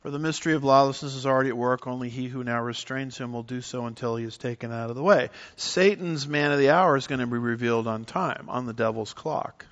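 Preacher, male, mid-pitched, emphatic teaching delivery, slightly dull recording. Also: fast, few pauses. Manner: animated, emphatic teaching with scripture references. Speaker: pastor. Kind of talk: sermon.

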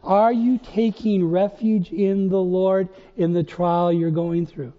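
A pastor with a high voice preaches slowly and with fairly even intonation, firing off rhetorical questions that rise emphatically. The recording is dull and lo-fi, made in a reverberant church hall.

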